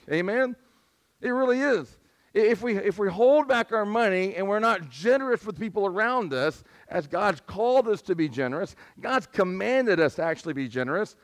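A man preaching a sermon in church. He talks conversationally, asks the congregation for responses, and his voice sounds squeaky and strained. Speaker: pastor. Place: church sanctuary.

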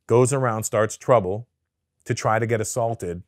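A man from Canada, a comedian guest telling stories in a casual, profane and animated way. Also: lowish voice, normal speed, no echo, clean studio sound. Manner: profane, animated storyteller who acts out the people in his story. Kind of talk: casual storytelling interview.

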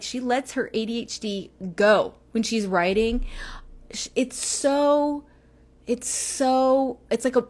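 A woman hosting her own livestream, chatting in a rambling way and answering viewer comments. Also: on the high side. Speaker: livestream host. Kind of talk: casual livestream chat.

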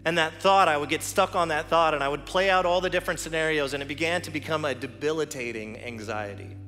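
A male teaching pastor giving an earnest sermon, telling a personal story and leading a quiet prayer, recorded in a church sanctuary. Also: a little high, fast. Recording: church hall reverb with music.

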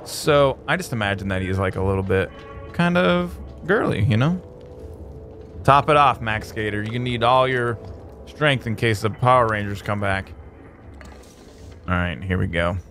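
A man hosting a let's play, giving excitable, jokey gameplay commentary that jumps to high exclamations. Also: measured pace, pauses often, soft background music.

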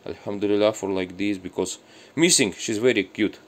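A man's voice: fairly low pitch, a little fast. Man speaking broken English about his plants. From Russia. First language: Russian. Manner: broken non-native English with Indonesian and Arabic words mixed in. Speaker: gardening vlogger. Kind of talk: casual garden walkthrough. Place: home with plants, by a loggia.

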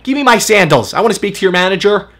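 A man voicing an angry middle-aged mom who rants fast and indignantly and demands a manager. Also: sits high, lively intonation, sharp tone, exaggerated voice.

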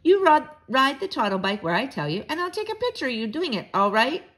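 Lady reading as a brisk director guy, hurrying everyone along, storybook voice. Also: high voice, sing-song, fairly bright tone, voice pushed up. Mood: urging. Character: brisk male commercial director, impatient.

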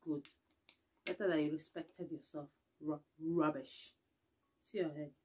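A woman's voice: deep voice, steady tone, unhurried, husky. Chatty young woman vlogging. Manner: chatty, laughs often, mumbles and hums softly. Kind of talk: casual chat to camera.

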